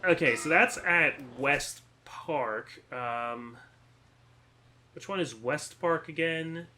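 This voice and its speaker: A man's voice: on the high side, slow, sharp tone, slight background noise. A man casually commenting as he plays a video game, with wry asides. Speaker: let's play host.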